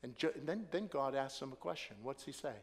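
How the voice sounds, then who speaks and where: A man preaching a sermon with great drama, swinging between hushed whispers and shouted praise and acting out quoted prayers. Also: medium pitch, a little fast, long reverb tail. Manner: acts out quoted prayers with rising passion.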